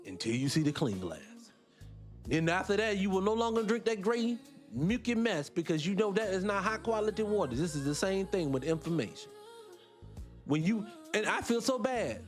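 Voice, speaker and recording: A man hosting a casual livestream, talking in a rambling, animated way, often correcting himself and swearing. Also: high voice. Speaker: livestream host.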